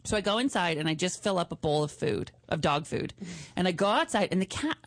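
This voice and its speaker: A woman co-hosting a radio show, telling a story in casual chat with lively, animated delivery and squeaky put-on voices. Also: brisk, no room sound, clean studio sound.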